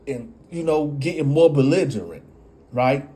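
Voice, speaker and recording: A man's voice: medium pitch, lively intonation, unhurried, mellow. A man casually telling a story and speaking straight to his audience. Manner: conversational, addresses the audience.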